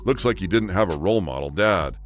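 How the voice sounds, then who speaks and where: A man's voice: sits low, animated, brisk, faint music behind. A man narrating a scripted countdown of celebrity stories.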